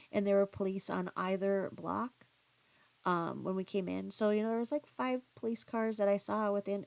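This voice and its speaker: A woman vlogger talks straight to her viewers in a loose, rambling storytelling monologue. Her voice is low and gravelly, with plenty of vocal fry. She circles back, restarts sentences and drops in side comments as she goes. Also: dry recording. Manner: rambling, chatty, with frequent restarts and asides.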